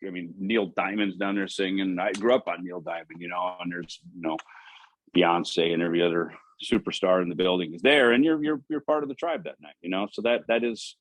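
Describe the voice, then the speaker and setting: Low-voiced american guy, rambly, tons of "you know"s, dry close sound. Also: brisk, no room sound. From United States. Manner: rambling, many "you know" fillers and restarts. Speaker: guest musician. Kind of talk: casual interview talk.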